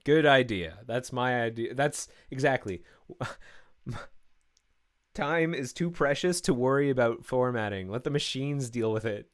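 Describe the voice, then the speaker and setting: Man, live coding stream, casual thinking aloud, fillers and restarts, clear resonant voice. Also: mid-range voice, a little slow.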